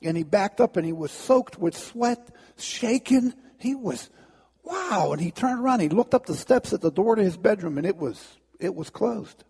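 A man telling a dramatic story as a sermon, halting and restarting as he builds tension. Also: high voice, animated, warm tone, breathy edge, in a large hall.

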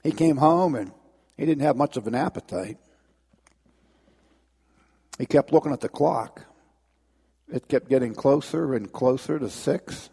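A man's voice: medium pitch, unhurried, gravelly, pauses often, mellow, breathy edge, in a large hall. A man preaching, telling a dramatic story with many repetitions and restarts. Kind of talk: sermon storytelling.

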